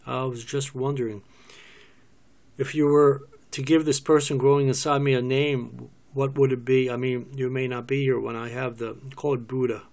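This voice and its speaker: Brash woman, as a man reads her, hot-tempered, sharp-tongued, gravelly. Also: mid-range voice, level tone, moderate pace, lightly acted. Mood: earnest.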